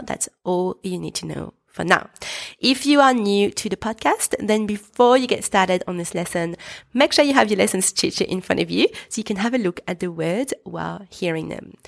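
A French woman with a French accent, hosting a podcast lesson and slowly repeating words for learners to say back. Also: mid-range voice, creaky. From France. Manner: slow, patient, repeats words for learners to echo. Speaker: French teacher, podcast host.

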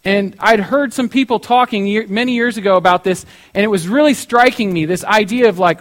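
A man's voice: high-pitched, brisk, few pauses. A young man preaching in a casual, chatty way, telling a story with many fillers like "you know".

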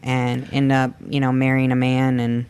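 A man in his thirties from Florida, telling his own story in an interview with a candid, halting manner. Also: mid-range voice, completely flat delivery, a little mellow, smooth. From Florida, United States. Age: 30s. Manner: candid, halting, with many restarts and fillers. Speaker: guest. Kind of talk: personal interview.

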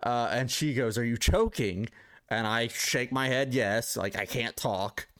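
A man co-hosting a casual podcast, introducing listener topics and telling an anecdote, with relaxed "uh" fillers. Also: medium pitch, measured pace, smooth. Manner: easygoing, with "uh" fillers and restarts. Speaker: podcast co-host. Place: live-streamed podcast studio.

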